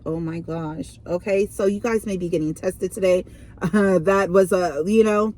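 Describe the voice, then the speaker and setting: A woman's voice: fairly low pitch, fairly even intonation, normal speed, a little mellow. A young woman reading tarot in a casual vlog, chatty and rambling, full of fillers and restarts. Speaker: tarot reader.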